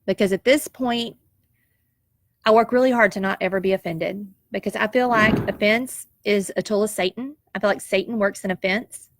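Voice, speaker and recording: A woman's voice: medium pitch, moderate pace. A woman, telling a personal story in an emotional, heartfelt and reflective way, tearful at times. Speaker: nurse sharing a personal story.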